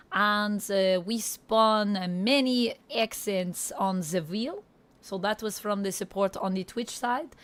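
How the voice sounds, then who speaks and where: A woman streamer voicing a hammy mock French Canadian man, halting and sprinkled with French words. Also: mid-range voice, fairly bright tone. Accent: put-on French Canadian. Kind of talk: livestream chat in a put-on accent.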